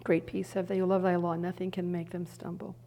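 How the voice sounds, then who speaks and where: An earnest middle-aged woman preaching in a sermon-style talk. Her voice sits fairly low and sounds mellow and warm. She slips into quiet, hushed asides between points. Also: little pitch movement, brisk.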